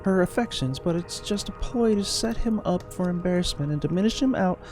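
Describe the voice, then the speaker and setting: A man's voice: sits high, a little fast, a little mellow, faint music behind, pitched above the performer's own voice, natural voice. A man voicing a wistful middle-aged woman, a former romance novelist, in a dreamy, rambling, self-mocking way. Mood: dramatic.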